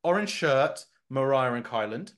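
A man's voice: medium pitch, a little slow. A man hosting a casual podcast, rambling and joking with plenty of fillers. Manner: animated, jokey, rambling with fillers. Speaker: podcast host.

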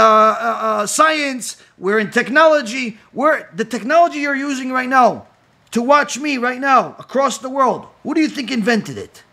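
A rabbi giving an impassioned talk, firing rhetorical questions and acting out quoted voices. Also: male voice, very high-pitched, pushed and bright.

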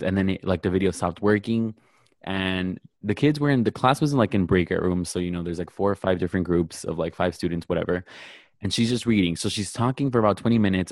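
Low-voiced young man hosting a podcast. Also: dry recording, clean studio sound. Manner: animated, profane, acts out quotes. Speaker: podcast co-host. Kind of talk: casual podcast chat and storytelling.

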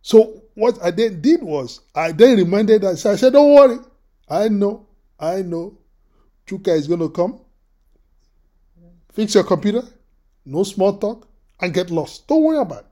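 Preacher, male, high pitch, mellow tone, lively storytelling delivery. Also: moderate pace, pauses often. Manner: animated, repeats words, acts out quoted voices. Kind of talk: sermon with personal storytelling.

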